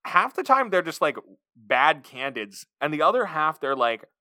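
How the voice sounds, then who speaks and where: Young guy cohosting a movie chat, bright voice, kinda high, dry sound. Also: very animated, dry recording. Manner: chatty, quick asides, lots of "like". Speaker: podcast co-host. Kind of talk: casual chat reviewing a movie.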